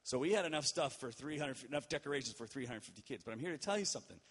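A man pastor delivers a sermon as a relaxed story, talking straight to his congregation. He often stops to check in with them. His voice rings in a reverberant church hall. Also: medium pitch, racing, breathy edge. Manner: conversational, checks in with "all right?".

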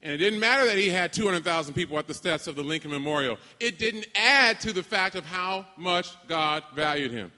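Bright-voiced male preacher in a hall. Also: high voice, expressive. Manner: emphatic, dramatic pauses, call-and-response. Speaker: preacher addressing graduates. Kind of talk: sermon. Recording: long hall reverb.

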